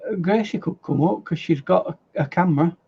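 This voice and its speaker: A man's voice: on the high side, fairly quick, breathy edge. An English man co-hosting a casual art livestream, explaining things hesitantly with stammers and restarts. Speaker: livestream co-host, artist. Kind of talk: casual chat. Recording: dull lo-fi mic sound.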